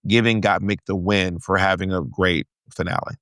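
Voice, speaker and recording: A middle-aged man in a casual podcast chat, joking, restarting his sentences and mimicking others in a high voice. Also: steady tone, moderate pace, a bit bright, no echo, clean studio sound. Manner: joking, trailing restarts, mock quotes in high voice. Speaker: podcast co-host.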